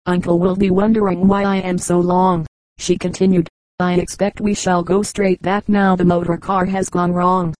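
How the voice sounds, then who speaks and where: A woman's voice: lowish voice, flat delivery, normal speed, a little mellow, no room sound, natural voice, poor audio. A woman reading as Jacintha, a kind young girl. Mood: earnest. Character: polite, eager young girl, kindly.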